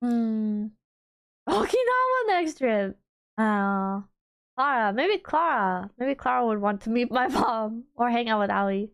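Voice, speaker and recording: A woman streamer chatting casually on a livestream, gushing and bubbly, piling on fillers and restarts, and swooping up high when excited. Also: a little slow, clear, resonant tone. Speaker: VTuber streamer.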